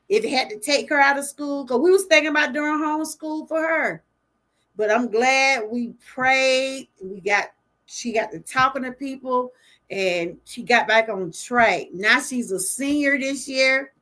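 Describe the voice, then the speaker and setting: An older woman talks on her livestream in a fairly high voice. Her delivery is earnest and heartfelt, and she speaks straight to the people watching. The sound is a casual at-home webcam setup. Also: sharp tone. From Georgia, US. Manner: earnest, speaks straight to viewers, often moved. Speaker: livestream host. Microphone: webcam or phone livestream.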